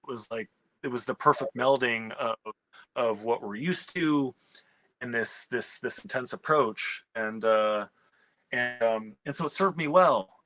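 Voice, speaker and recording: A man, a screenwriter and comic writer, telling a candid story in an animated, profane way with many restarts. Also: medium pitch, measured pace, a little hiss or hum, low-quality recording.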